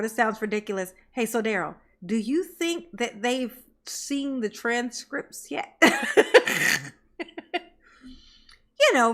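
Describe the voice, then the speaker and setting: A woman with a bright, fairly high voice talks over a clip in casual, sarcastic commentary. Her tone is mocking and teasing, and she often breaks into laughter. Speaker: commentary streamer.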